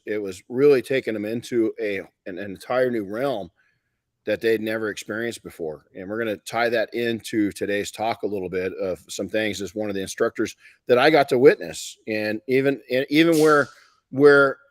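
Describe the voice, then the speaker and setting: A man's voice: lowish voice, no echo. Folksy middle-aged man, dry close sound. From Southern California. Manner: rambling, folksy storytelling with many restarts. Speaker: podcast host and detailing educator. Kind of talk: live podcast talk.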